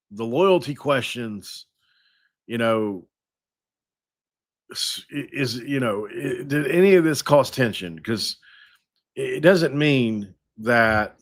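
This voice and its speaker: A man hosting a sports podcast, talking casually and thinking out loud with frequent restarts. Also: medium pitch, no echo, studio quality. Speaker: podcast host.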